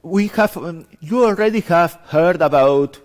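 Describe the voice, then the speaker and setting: A man with a Spanish accent, his voice pitched notably high, presents to a conference room at an unhurried pace. He keeps it loose and self-deprecating, chatting with the audience between points. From Spain. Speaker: conference speaker. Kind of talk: improvised hands-on lab introduction.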